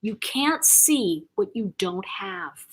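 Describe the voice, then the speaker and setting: An older woman hosting a casual live chat, reading viewer comments aloud, chatty and quick to laugh. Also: medium pitch, big pitch swings, breathy edge. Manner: warm, chatty, reacts to comments, laughs often.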